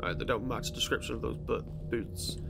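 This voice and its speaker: A man's voice: mid-range voice, fairly quick, creaky, over loud music. A man giving chatty gaming commentary, swearing and thinking aloud while playing a police officer. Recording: gameplay with vehicle noise.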